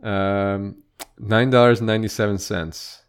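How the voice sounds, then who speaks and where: A man's voice: lowish voice, steady tone, unhurried, clean tone. A man co-hosting a podcast in casual chat, dry and offhand in manner. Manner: dry, offhand, reads aloud in a mock announcer voice. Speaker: podcast co-host.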